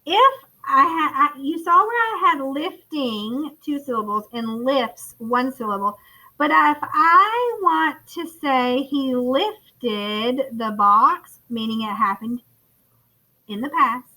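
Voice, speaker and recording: High, bright-voiced woman teacher. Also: animated, slow pace, poor audio. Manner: encouraging, calls listeners friends. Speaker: first grade phonics teacher. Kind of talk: recorded classroom lesson.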